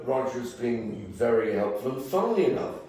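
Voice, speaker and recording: A man's voice: medium pitch, big pitch swings, moderate pace, warm tone. An older man with a Birmingham accent, telling rambling, jokey anecdotes and swearing casually as a guest actor taking audience questions. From England. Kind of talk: anecdotal talk and Q&A. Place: event room before a live audience. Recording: roomy hall, distant mic.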